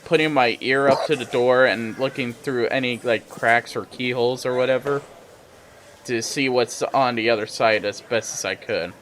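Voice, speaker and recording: A man's voice: mid-range voice, normal speed, a bit bright, slight background noise. A man playing a tabletop game, eagerly describing what his character does. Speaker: player.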